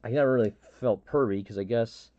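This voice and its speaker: A middle-aged man hosting a live stream, telling a story in a halting, rambling way with many restarts and fillers. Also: medium pitch, mellow, muffled recording. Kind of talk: casual storytelling chat.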